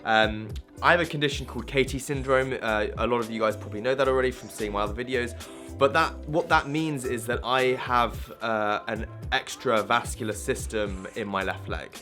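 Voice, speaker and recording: A man's voice: medium pitch, normal speed, few pauses, sharp tone, soft background music. A young man talking candidly to camera in a casual vlog, rambling with many restarts and fillers. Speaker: vlogger.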